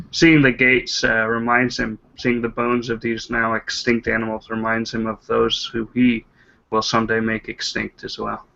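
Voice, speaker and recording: A man's voice: lowish voice, vocal fry, sharp tone, muffled recording. A man describing his character's actions in a tabletop game. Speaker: player.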